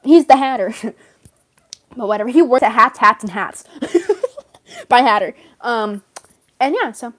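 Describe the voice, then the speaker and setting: A woman tells a long, rambling story while staying in character. Her voice sits a little high, and she leans on "like" constantly. She laughs often as she goes. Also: expressive, takes it slowly, pauses often. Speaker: fan role-player in character.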